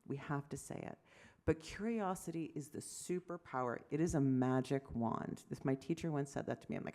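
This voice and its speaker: A woman in her fifties, a physician giving an award lecture, telling animated stories, acting out conversations and making self-deprecating asides. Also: very deep voice, moderate pace. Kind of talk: lecture to medical audience.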